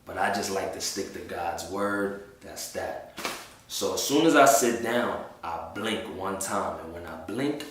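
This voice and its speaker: A man's voice: low voice, measured pace, fairly bright tone, distant mic, slight background noise. A man telling a personal faith testimony in a casual storytelling way, full of slang and with acted-out voices of the people in it. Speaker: testimony speaker. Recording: very echoey room.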